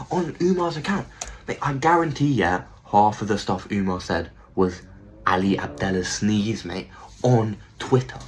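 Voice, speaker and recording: A man hosting a casual commentary rant about fighters. He is excitable, swears a lot and repeats himself. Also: medium pitch, slight background noise, rough recording. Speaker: MMA commentary channel host.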